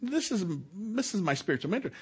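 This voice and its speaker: A middle-aged man giving a preaching talk at a marriage seminar in a church, telling stories with lively shouted quotes and frequent chuckles. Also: high-pitched, fairly quick, slightly rough. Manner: animated storytelling, shouts out quoted lines, chuckles often. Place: church hall, live session.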